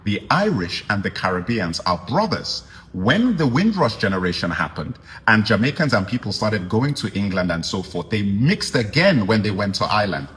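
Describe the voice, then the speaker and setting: Animated man reacting to viewers. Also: on the low side, normal speed. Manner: animated, addresses viewers as guys, repeats for emphasis. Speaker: reaction video host. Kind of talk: casual reaction commentary.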